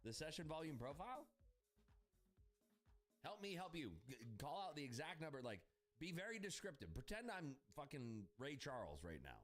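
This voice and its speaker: A man runs a casual livestream of his trades, riffing with viewers and cursing when a trade gets away. His voice swings widely in pitch as he jokes and vents. Faint music plays behind him. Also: brisk. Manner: profane, excitable, jokey, frequent swearing. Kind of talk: casual live-stream chat, answering viewers.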